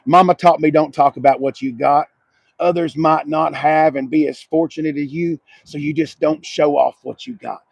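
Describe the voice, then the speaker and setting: A man doing a casual car walkaround on a dealership lot, loud and excitable, swinging between low murmurs and sudden shouts. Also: moderate pace, creaky, no room sound.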